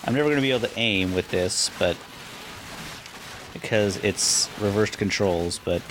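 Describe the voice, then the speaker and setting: A man co-hosting a podcast, chatting casually while playing a game, animated and quick to laugh. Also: lowish voice, background noise. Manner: animated, laughs often, thinks aloud. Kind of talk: casual gameplay chat.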